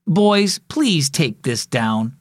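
Man doing a patient, gentle mom. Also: a little high, sing-song, very slow, no echo, studio quality, exaggerated voice. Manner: gentle, reassuring. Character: calm patient mother.

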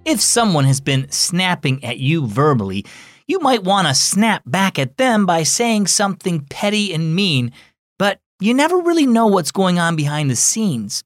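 A man's voice: sits high, very animated, normal speed, no echo, clean studio sound. A man hosting a children's devotional program, friendly and encouraging as he speaks to kids. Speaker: host.

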